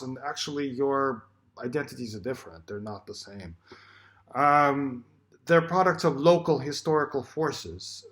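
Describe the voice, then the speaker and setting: A man's voice: medium pitch, fairly bright tone. Middle-aged guy from russia, poet giving a recorded talk, lots of ums and restarts, dry jokes. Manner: reflective, many fillers and restarts, dry humor. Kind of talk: recorded symposium address. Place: Shanghai.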